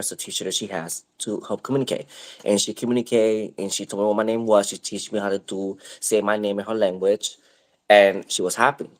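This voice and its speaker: Man, casual co-host; low, loose, filler-heavy storyteller. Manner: rambling, animated retelling with many fillers.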